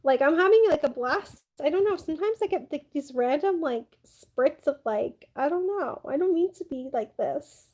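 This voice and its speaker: Bubbly high-voiced woman live streamer. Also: expressive, moderate pace, hardly any pauses, darkish tone, poor audio. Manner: chatty, bubbly, many "like" fillers, yawning. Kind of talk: casual live stream chat reading comments.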